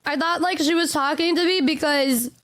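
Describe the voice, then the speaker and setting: High-voiced woman streamer, hesitant. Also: normal speed, fairly bright tone. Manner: hesitant, stammering, self-deprecating. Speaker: VTuber streamer. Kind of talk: casual stream chat.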